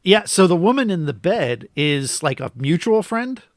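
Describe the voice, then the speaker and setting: Lively man chatting about a film. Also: sits high, dry recording, clean studio sound. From Florida. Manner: chatty, jumps in with quick opinions and mock voices. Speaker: podcast co-host. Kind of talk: casual film review chat.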